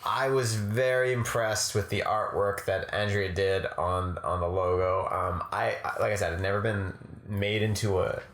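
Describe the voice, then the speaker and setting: A man's voice: lowish voice, fairly even intonation, normal speed, hardly any pauses, fairly bright tone. A young man co-hosting a podcast, chatting casually with an easygoing, wry manner and frequent laughs. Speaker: podcast co-host. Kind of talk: casual chat. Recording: roomy echo.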